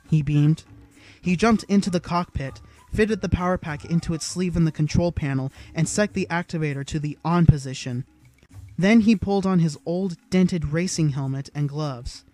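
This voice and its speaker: A man reads an audiobook in a steady storytelling manner. His voice sits somewhat higher than most men's, and soft music runs faintly behind him. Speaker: audiobook narrator. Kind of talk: scripted narration.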